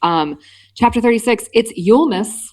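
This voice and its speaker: Crowd noise surrounds a woman with a fairly high voice and lively intonation, speaking at normal speed. She hosts a book club podcast, chattily summarizing chapters with frequent "um"s and "like"s.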